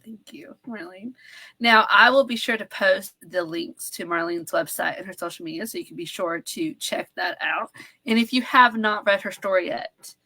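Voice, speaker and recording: A woman with a Southern US accent hosts an interview over a video call. Her tone is upbeat and encouraging, and her voice has a bright, sharp edge. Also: mid-range voice, normal speed. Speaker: interview host.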